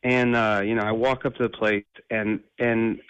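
A man's voice: lowish voice, level tone, normal speed, a bit bright, smooth, no echo, dull audio. A man on the phone to a talk show, casually telling a funny story and laughing as he goes. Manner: laughs through his story. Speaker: caller.

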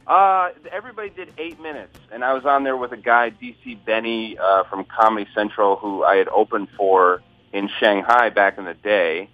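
A man's voice: on the low side, normal speed, no room sound, faint music behind. Dry self-mocking man on a tinny phone line. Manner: self-deprecating storyteller, dry delivery. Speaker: comedian guest. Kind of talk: casual phone interview. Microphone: phone call.

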